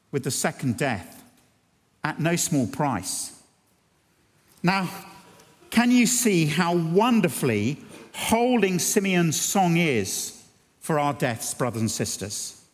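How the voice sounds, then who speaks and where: A man's voice: a little high, big pitch swings, takes it slowly, pauses often. A man preaching an earnest sermon, rising to emphatic peaks. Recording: long reverb of a large hall.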